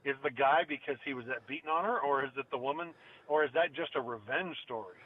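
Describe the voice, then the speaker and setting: A man's voice: medium pitch, fast talker. A middle-aged father co-hosting a casual podcast, chatty and teasing, laughing often. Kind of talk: casual chat. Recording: tinny phone-like line.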